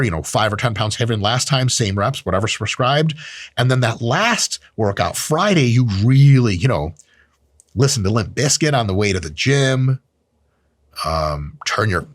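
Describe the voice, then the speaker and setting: Sex: man. Pitch: lively. Style: profane, jokey training talk. Sound: dry. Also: dry recording. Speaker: strength training educator. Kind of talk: casual explanatory talk.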